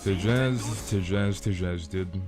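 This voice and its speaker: A man's voice: low voice, takes it slowly, music in the background. A young man streaming a game, chatting casually with viewers, rambling and slangy as he tells stories. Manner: rambling, animated storytelling, slangy. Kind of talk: casual live-stream chat.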